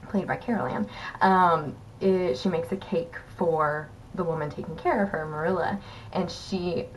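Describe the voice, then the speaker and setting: A woman's voice: low voice, a little hiss or hum, rough recording. A young woman casually telling a funny theater memory, chatty, with many fillers and frequent laughter. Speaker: former theater company member. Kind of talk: casual storytelling.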